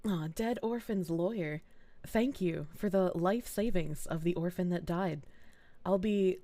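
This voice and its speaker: A woman streaming live, thanking viewers in casual, sleepy, low-key chat and swearing freely. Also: unhurried, dark tone, no echo. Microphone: desk mic with gain turned up.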